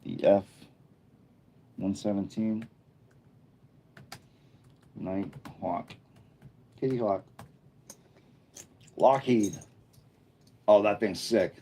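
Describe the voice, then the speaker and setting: A man with a low voice and a dark, mellow tone hosts a casual live stream. He chats loosely and thinks out loud as he reads and answers his viewers' comments. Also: very slow, long pauses, a little hiss or hum. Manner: chatty, thinking aloud while reading viewer chat. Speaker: livestreamer. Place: indoor room under a bright studio light.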